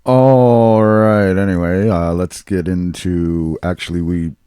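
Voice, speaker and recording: A male podcast host with a low, mellow voice, recorded close and dry with no room sound. He talks in an easygoing, laid-back way, bantering with his co-host and reading the housekeeping notes without fuss. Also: slow, clean tone, no echo. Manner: easygoing, relaxed delivery of show announcements.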